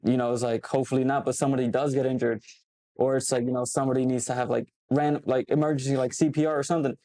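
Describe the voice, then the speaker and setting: A man's voice: medium pitch, little pitch movement, warm tone. A man hosting a podcast, chatting casually and mostly giving short replies to his guest. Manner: brief backchannels, quick remarks. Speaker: podcast host.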